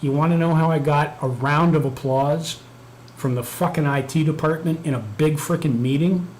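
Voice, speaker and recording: A man's voice: on the high side, moderate pace, a little mellow. A man hosting a live stream, chatting casually and telling a profane story while muttering over his computer work. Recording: echoey room, faint background noise.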